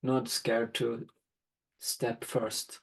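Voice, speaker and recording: A man talking as a podcast guest and father, in a gentle, thoughtful, unhurried conversation. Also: mid-range voice, monotone, slightly rough, low-quality recording. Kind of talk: reflective conversation.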